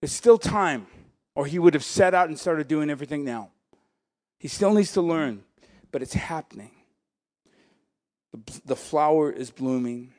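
A man preaching a sermon as pastor, animated and joking, breaking into laughter and acting out voices. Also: fairly high pitch, moderate pace, pauses often.

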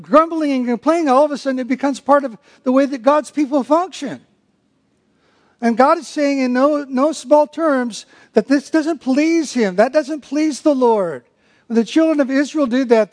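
A man preaching a sermon, emphatic, slowing down to stress key phrases and mimicking grumbling with muttered sounds. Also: extremely high pitch.

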